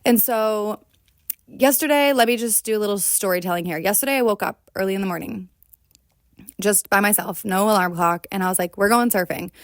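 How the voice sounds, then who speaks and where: Speaking fairly quickly at a medium pitch, an American woman reflects on her solo podcast in an earnest, confessional tone, often asking "right?". The audio is clean studio sound with no room sound.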